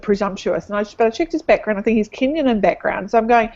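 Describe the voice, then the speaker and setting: Animated woman, lo-fi sound. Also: very fast. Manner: animated, rising pitch when making a point. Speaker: book club panelist. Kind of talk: casual discussion. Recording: dull lo-fi sound.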